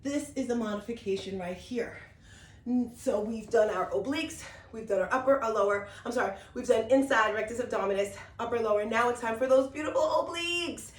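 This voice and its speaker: A woman instructor with a voice on the high side speaks fairly quickly as she leads a home workout on an exercise mat. Upbeat and encouraging, she demonstrates while talking and is a little winded. The recording comes from a distant camera mic in an echoey room.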